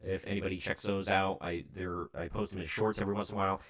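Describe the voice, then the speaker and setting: A man's voice: low-pitched, level tone, fast, a bit bright. A man from Ohio in his thirties hosting a casual livestream, rambling and chatty with frequent self-corrections. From Ohio, United States. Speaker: livestream host.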